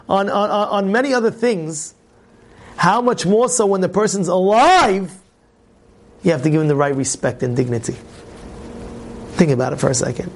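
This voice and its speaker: A man teaching a Torah class and telling a personal story, animated, often repeating words and restarting. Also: sits high.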